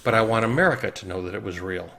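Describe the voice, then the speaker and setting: A man's voice: on the low side, rapid-fire, over a noisy crowd. A man making an indignant, ranting video, mocking the critics he quotes. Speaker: conspiracy video maker. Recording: loud background noise.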